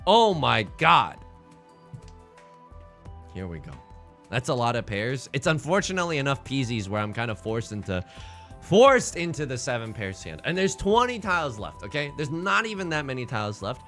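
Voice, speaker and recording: A man giving live mahjong commentary to his chat, theatrical and quick to swing between mock outrage and laughter. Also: mid-range voice, very animated, fairly bright tone, soft background music. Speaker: mahjong streamer.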